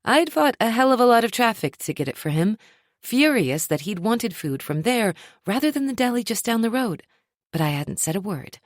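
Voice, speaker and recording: A woman narrating a first-person romance audiobook in an expressive, wry storytelling manner. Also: fairly high pitch, moderate pace, no room sound, studio quality.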